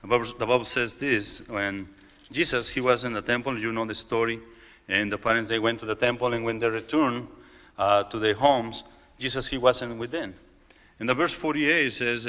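A man with a Mexican accent, a native Spanish speaker, preaching a sermon in halting English, often repeating and restarting words. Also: medium pitch, steady tone, pushed and bright. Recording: long hall reverb.

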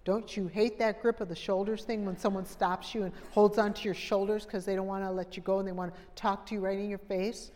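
A middle-aged woman speaks at a women's conference in a folksy, humorous way, addressing the audience directly. Her voice sits at an ordinary pitch. A long reverb from the large hall trails after her words. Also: flat delivery, fairly quick, hardly any pauses, darkish tone. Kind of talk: conversational women's conference talk.

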